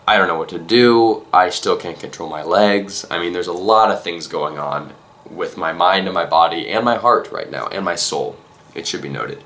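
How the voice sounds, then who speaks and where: A man vlogger telling a comic story in an earnest, mock-emotional way, halting and restarting his sentences. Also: low-pitched, fairly bright tone.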